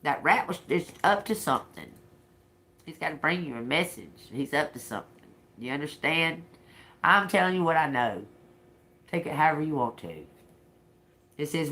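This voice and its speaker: A woman's voice: sits low, sing-song, moderate pace, long pauses, fairly bright tone. A woman doing a live-streamed tarot reading, talking bluntly and profanely with folksy slang and frequent laughter. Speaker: tarot reader.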